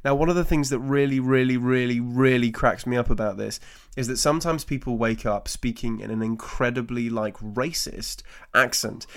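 Brief: male co-host, mid pitch, chatty, laughs easily, stop-start delivery. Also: steady tone, normal speed, hardly any pauses, clean tone. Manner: chatty, laughs often, restarts a lot. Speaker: podcast co-host. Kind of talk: casual chat about comedy.

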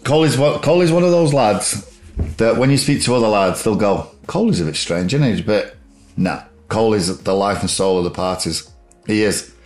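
Enthusiastic low-voiced man host. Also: animated, brisk. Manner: enthusiastic, warm praise. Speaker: podcast host. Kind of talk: casual chat. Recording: roomy echo with faint music.

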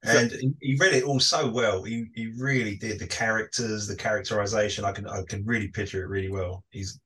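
A man's voice: fairly low pitch, steady tone, a little fast, a bit bright, rough recording. A man co-hosting a comedy podcast, teasing a friend with exaggerated mock praise in casual chat. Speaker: podcast co-host.

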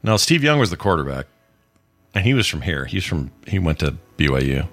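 A man's voice: low-pitched, sing-song, brisk, fairly bright tone. A middle-aged man hosting a casual live-streamed podcast chat, rambling and full of puns. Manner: jokey, rambling, punning. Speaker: podcast host.

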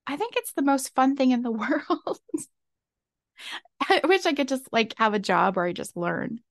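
A woman's voice: high-pitched, lively intonation, normal speed, no echo, studio quality. A woman hosting her own podcast, talking casually and exuberantly, laughing often. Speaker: podcast host. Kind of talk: casual solo podcast talk. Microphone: desk mic.

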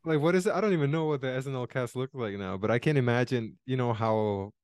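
A man co-hosting a podcast in casual chat, laid-back and halting, often chuckling. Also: medium pitch, darkish tone, smooth, dry recording, studio quality. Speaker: podcast co-host.

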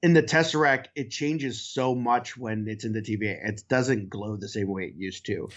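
A man's voice: on the low side, moderate pace, a bit bright, dull audio. A man co-hosting a podcast, chatting loosely and enthusiastically in a casual review conversation, with some filler words. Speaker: podcast co-host.

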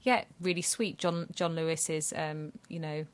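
Woman, casual chat, hesitant, fillers, slightly low voice. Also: fairly even intonation, moderate pace. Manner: hesitant, warm-hearted, many fillers. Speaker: podcast co-host.

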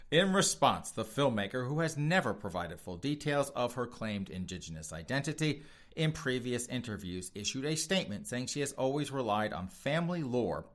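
A man's voice: medium pitch, fairly bright tone. A man hosting a podcast of opinion commentary, sarcastic and mocking, often laughing and talking straight to his listeners. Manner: talks straight to listeners as folks. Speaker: podcast host.

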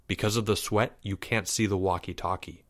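A man's voice: deep voice, fairly even intonation, brisk, fairly bright tone, no echo, clean studio sound. A man reading a story aloud, voicing a bossy fifth-grade boy who snaps orders. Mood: stern. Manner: snapping, stern, commanding.

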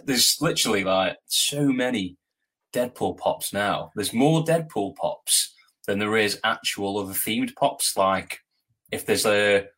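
A man with a slightly low, husky voice trades jokes in easy banter and laughs often. He keeps a loose, playful chat going. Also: unhurried, a bit bright. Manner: jokey, laughs a lot. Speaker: podcast co-host. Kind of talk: casual chat.

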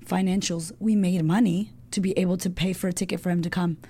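A woman's voice: fairly low pitch, fairly even intonation, fast talker, mellow, slightly rough. A young American woman telling a personal story candidly as a guest, swearing freely and filling her talk with "like". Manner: frank, swears freely, lots of "like". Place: home in Australia.

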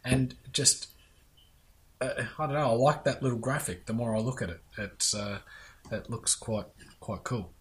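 A man's voice: mid-range voice, moderate pace. A man in casual podcast chat, reading tasting notes aloud with easy chuckles. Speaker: podcast co-host.

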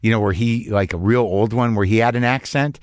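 A man's voice: fairly low pitch, brisk, no echo, clean studio sound. A man hosting a podcast interview, chatty and joking, with blunt, casual swearing. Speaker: podcast host.

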